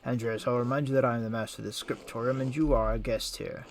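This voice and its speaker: Man reading as a stern monk prior, scolding, mid-pitched, plain game-reading voice. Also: fairly even intonation, quick pace, a little hiss or hum, natural voice. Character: stern middle-aged male monastery prior.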